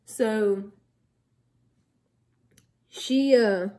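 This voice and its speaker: A young woman tells a long personal story straight to her audience. She talks in a loose, rambling way, full of fillers and restarts. Her voice is warm and mellow, sitting in a middle pitch. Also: extremely slow. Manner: rambling, chatty, with many likes and ums. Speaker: vlogger. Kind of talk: casual storytelling to camera.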